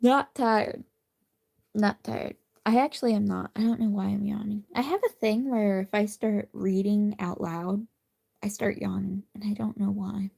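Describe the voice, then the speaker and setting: A woman chatting casually on a late-night phone livestream from her bed, rambling and self-deprecating, sometimes dropping to a soft whisper. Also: mid-range voice, fairly even intonation, normal speed, gravelly, husky. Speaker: streamer. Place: cozy bedroom at night.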